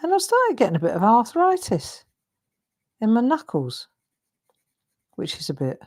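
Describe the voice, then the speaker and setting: A woman's voice: mid-range voice, a little mellow. A woman hosting a live craft tutorial, chatting in a self-deprecating way while she colours in.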